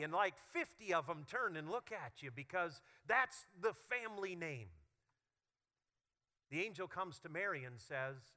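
A male pastor preaching a sermon with humorous, animated storytelling. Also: on the high side, unhurried.

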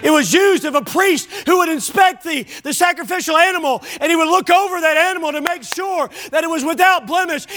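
Fervent male pastor, very high and sharp voice, shouts his sermon. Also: fairly quick, hardly any pauses. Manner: impassioned preaching, often shouting; addresses listeners as friend.

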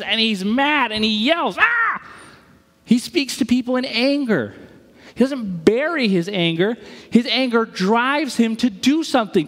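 A man's voice: extremely high pitch, long reverb tail. A man preaching a sermon in a casual, joking way, with sudden emphatic bursts. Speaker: pastor.

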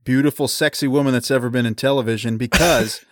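A man's voice: medium pitch, steady tone, fast talker, no echo, studio quality. A man co-hosting a casual recap chat, joking and laughing often.

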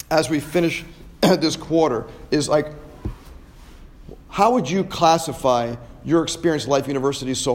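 A man hosting a podcast, giving an emphatic motivational talk to students and ending many phrases with "right?". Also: a little high. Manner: emphatic, repeats "right?" often. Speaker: podcast host and chiropractor.

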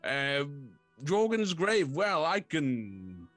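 A man voicing a lonely, shy living fort with a genteel, old-fashioned, stammering manner, pitched well above his own voice. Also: very animated, drawn-out words, a bit bright, no room sound, faint music behind, full character voice. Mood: eager. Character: lonely, shy talking fort, polite and fussy.

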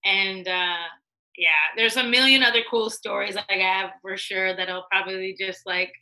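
Bright-voiced woman telling stories. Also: medium pitch, normal speed, poor audio. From United States. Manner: animated, acts out quoted voices, laughs often. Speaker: guest, music executive. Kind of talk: casual interview storytelling.

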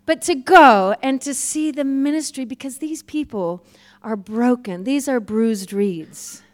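Woman, sermon, animated storytelling, laughs a lot, slightly high voice. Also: unhurried. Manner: lively storytelling, laughs often, acts out quoted voices. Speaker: guest preacher. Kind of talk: sermon with personal stories.

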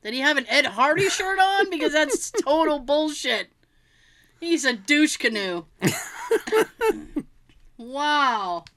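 A woman co-hosting a casual chat, reacting with loud laughs and crude jokes. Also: sits high, lively intonation, slow pace, pauses often. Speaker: co-host. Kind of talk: casual chat reading funny posts.

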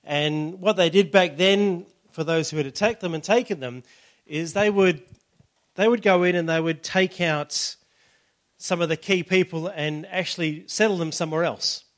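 A man preaching a sermon in a relaxed, conversational way, with many "you know" and "all right" asides. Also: a little high, normal speed. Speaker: pastor.

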